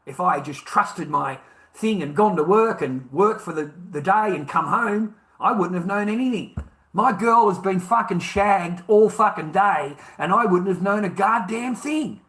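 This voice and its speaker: Casual Australian bloke with a slightly high voice, telling a story in a crude, emphatic rant. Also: male voice, measured pace, a bit bright. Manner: profane, emphatic, repeats for emphasis.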